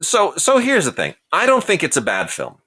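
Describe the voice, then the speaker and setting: Bright-voiced, emphatic man reviewing films. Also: fairly high pitch, huge pitch swings, moderate pace, slightly rough. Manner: opinionated, emphatic. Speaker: podcast co-host. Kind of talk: casual review chat.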